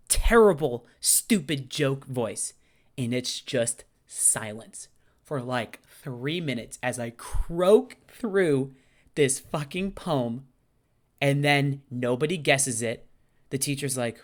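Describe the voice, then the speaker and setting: Animated self-mocking young man. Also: medium pitch, moderate pace. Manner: animated, self-deprecating, swears often, acts out quoted voices. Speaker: booktuber telling a story. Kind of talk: casual storytelling vlog.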